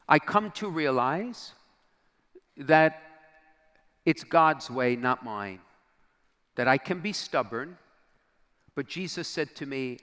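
A bishop with a slightly high, fairly bright male voice tells a slow, dramatic story as a sermon to a youth crowd. He acts out the quoted dialogue and drops to a near-whisper at key moments, the large convention hall giving a long reverb.

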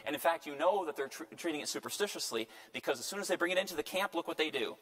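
A man's voice: a little high, expressive, rapid-fire, few pauses, pushed and bright. A man, a priest, teaching a Bible class in a conversational way, often asking the group questions and checking in with "right?". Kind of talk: parish lecture on scripture. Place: church hall. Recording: long hall reverb.

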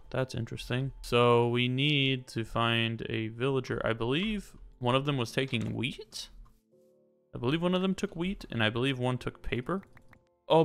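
Bright, gravelly young gamer guy. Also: medium pitch. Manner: chatty, talks to the game characters, quick swings to loud surprise. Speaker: gaming YouTuber. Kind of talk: casual let's-play commentary. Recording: faint music behind.

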